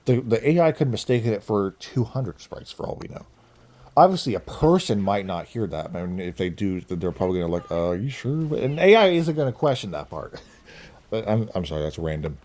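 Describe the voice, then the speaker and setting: A young man with a fairly low voice that swings up and down a lot as he talks. He rambles through his opinions in a relaxed vlog monologue, often laughing at his own jokes. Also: a little fast. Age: young adult. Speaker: vlogger.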